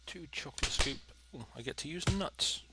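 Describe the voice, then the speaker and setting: A man's voice: fairly high pitch, lively intonation, normal speed, vocal fry, heavy background noise. A man giving chatty, dry, methodical commentary while playing a cooking game. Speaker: let's play host. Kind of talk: gameplay commentary.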